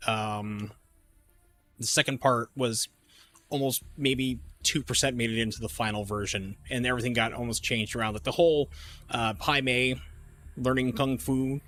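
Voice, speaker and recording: A man in his forties streams a game and chats casually, spinning a long, rambling story full of uhs, fillers, and restarts. His medium-pitched voice is pushed and bright, with a little hiss or hum in the recording.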